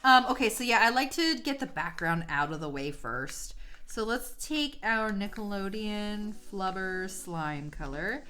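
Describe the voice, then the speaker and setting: A young woman streaming while she draws, gushing excitably, swearing a lot, laughing often and trailing off mid-sentence. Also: medium pitch, measured pace. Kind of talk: casual live-stream chat while drawing.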